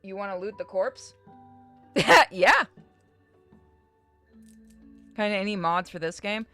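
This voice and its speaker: A woman's voice: mid-range voice, moderate pace, fairly bright tone, soft background music. A woman streaming a game, joking and swearing as she reads its dialogue aloud. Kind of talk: live gameplay commentary.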